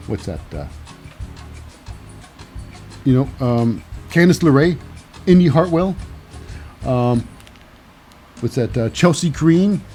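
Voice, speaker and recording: A man hosting a casual wrestling recap, rambling and halting with lots of fillers, wry and cynical. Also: on the high side, a little mellow. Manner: rambling, halting, full of uh and what's that. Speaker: host.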